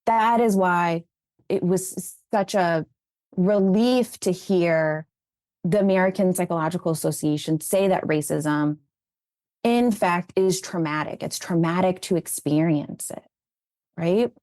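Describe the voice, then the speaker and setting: Clean studio sound without echo carries her lowish voice, which moves a little slowly. Being interviewed as an educator, she shares child-rearing stories in a sincere, chatty way and becomes animated when replaying conversations.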